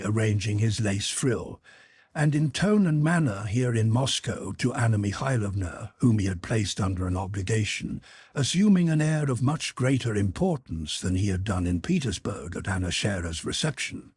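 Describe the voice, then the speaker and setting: A man narrating an audiobook in a measured, even storytelling manner. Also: on the low side, husky, no room sound, clean studio sound. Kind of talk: scripted narration.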